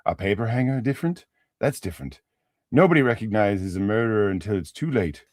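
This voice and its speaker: A man voicing a troubled, intense man in a short story, low and brooding. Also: expressive, a little fast, darkish tone, no room sound, clean studio sound, lightly acted.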